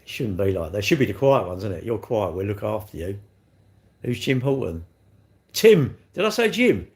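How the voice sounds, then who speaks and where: A man's voice: on the low side, animated, fairly quick, darkish tone. A man, hosting a casual livestream, rambling and joking at himself as he answers viewers' comments and laughs often. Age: 60s. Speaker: livestream host.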